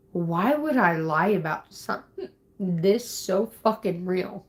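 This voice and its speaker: A woman's voice: mid-range voice, expressive, slow pace. A woman ranting angrily at her viewers on a livestream, upset and swearing, threatening people in the chat. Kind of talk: angry livestream rant.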